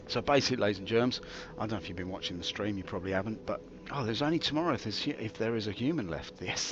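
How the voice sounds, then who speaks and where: A man streaming a game, telling theatrical, jokey stories with big swings in pitch. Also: highs cut off, a little hiss or hum. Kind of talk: rambling live-stream commentary.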